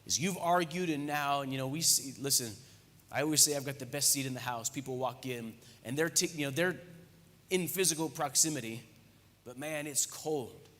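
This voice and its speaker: A man preaching a sermon on marriage, lively and conversational, with frequent jokes and asides. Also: mid-range voice, moderate pace. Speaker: pastor. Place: church hall. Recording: echoey church hall reverb.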